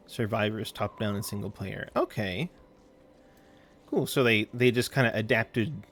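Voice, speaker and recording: A man's voice: lowish voice, creaky, fairly bright tone. A man streaming a game, chatting casually with viewers in a rambling, easygoing way while calling out what happens in play. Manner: rambling, easygoing, answers chat between game callouts.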